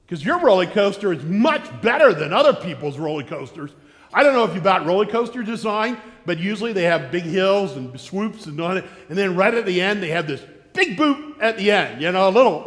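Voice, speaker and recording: American pastor, high voice, lively storyteller, church reverb. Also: male voice. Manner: animated storyteller, acting out shouted quotes. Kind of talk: sermon with storytelling. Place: church sanctuary.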